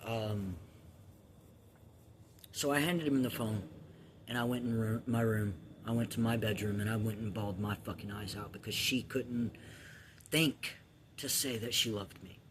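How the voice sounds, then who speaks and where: A man's voice: fairly low pitch, steady tone, unhurried, long pauses, a little hiss or hum. A man in his thirties casually telling his own life story, candid and profane, with restarts and filler ums. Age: 30s.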